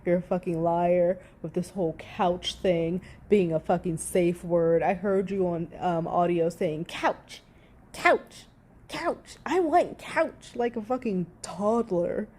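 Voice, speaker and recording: A woman's voice: lowish voice, fairly even intonation, a little slow, hardly any pauses, mellow. A woman giving heated, profanity-laced reaction commentary, sarcastic and indignant as she rants to her viewers.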